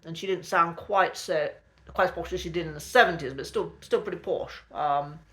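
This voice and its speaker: A man giving a casual spoken lesson to camera, polite and measured, pausing often with ums and uhs and restarting his sentences. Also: on the high side, fairly bright tone. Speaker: accent coach.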